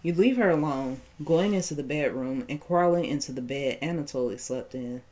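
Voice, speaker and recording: A woman's voice: low-pitched, normal speed, a little mellow. A woman hosting a horror game playthrough, reading the text aloud and reacting with shocked exclamations and nervous laughs. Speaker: gaming channel host. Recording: game playthrough with music behind.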